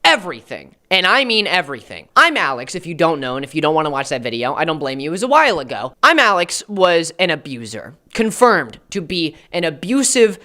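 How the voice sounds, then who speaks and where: A man's voice: a little high, very animated, fairly quick, few pauses, sharp tone. A young American man with an American accent ranting in a sarcastic, rambling commentary style with jokey asides. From United States. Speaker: commentary YouTuber. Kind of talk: commentary rant.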